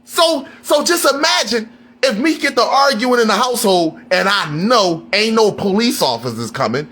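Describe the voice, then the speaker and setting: A man on a live stream, delivering a heated, profane rant, often shouting and repeating questions at his listeners. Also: high-pitched, lively intonation, normal speed.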